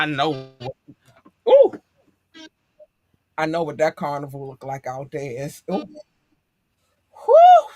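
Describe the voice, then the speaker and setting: A woman's voice: on the low side, fairly bright tone, dry recording, clean studio sound. A woman co-hosting a podcast in casual chat, effusive and affectionate, laughing often as she talks to listeners. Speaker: podcast co-host.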